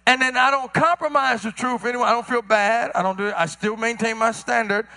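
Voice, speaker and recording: A man with a Southern US accent preaching a sermon as pastor, rising to shouts and dropping to quiet asides, acting out the words of people he quotes. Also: extremely high pitch, fairly even intonation, a little fast, gravelly, hardly any pauses. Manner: acts out other people's words in quoted voices.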